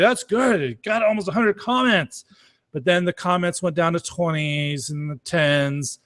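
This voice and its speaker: Blunt, animated man answering questions. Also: a little high, normal speed. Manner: blunt, animated, swears casually. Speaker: marketing coach answering questions. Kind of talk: casual Q&A talk.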